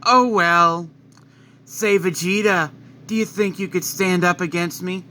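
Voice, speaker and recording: A cold, taunting alien warrior who has turned evil and sneers at everyone. The voice sits a little high and rings bright and sharp, as a male narrator puts it on. He speaks with boastful menace. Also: measured pace, slight background noise. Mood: menacing.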